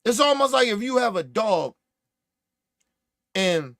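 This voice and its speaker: A man hosting a podcast, telling stories in casual, profane, animated commentary and acting out what others said. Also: high voice, slow, no echo, clean studio sound. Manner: profane, animated storytelling with acted-out quotes. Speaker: podcast host.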